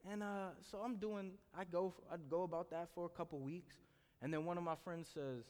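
A man earnestly telling a personal testimony with animated storytelling. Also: fairly high pitch, a little fast. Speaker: speaker sharing a testimony. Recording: long reverb in a hall.

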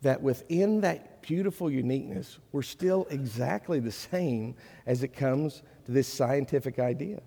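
A middle-aged male pastor gives a sermon in a church sanctuary, earnest and conversational, climbing to emphatic peaks. His mellow, creaky mid-range voice keeps a measured pace with hardly any pauses, and the recording carries a church hall's long reverb.

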